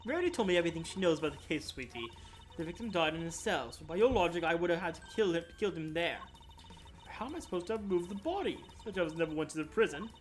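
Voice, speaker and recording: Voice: medium pitch, animated, fast, natural voice. A streamer voicing a flirty, condescending female prison warden from a video game, talking down to everyone with darlings and sweeties, with faint music underneath. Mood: sugary, dismissive. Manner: sugary, patronizing, calls others darling and sweetie. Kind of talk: reading a video game's dialogue aloud on stream.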